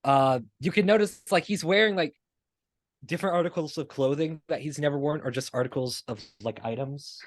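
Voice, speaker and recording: Halting game master narrating a scene. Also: male voice, a little high, dry recording, clean studio sound. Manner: loose, halting narration with many fillers.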